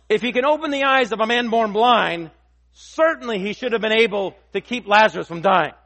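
A pastor preaching an expository sermon, emphatic and repeating key phrases for weight. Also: male voice, sits high, fairly bright tone.

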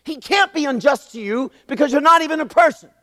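A man's voice: extremely high pitch, a little fast, no room sound, studio quality, big-room sound. A man in his sixties preaching a sermon, telling stories with emphatic repetition. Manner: animated storytelling, emphatic repetition. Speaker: pastor.

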